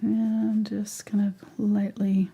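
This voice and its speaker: A woman's voice: mid-range voice, level tone, takes it slowly, vocal fry, mellow, slightly rough. A woman teaching a live painting tutorial in a chatty way, thinking aloud and sometimes whispering to herself. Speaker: painting instructor.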